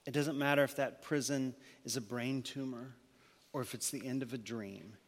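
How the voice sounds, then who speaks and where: A man's voice: mid-range voice, normal speed. Man preaching in an echoing hall. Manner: swings between loud emphatic preaching and hushed near-whisper. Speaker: pastor. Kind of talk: sermon.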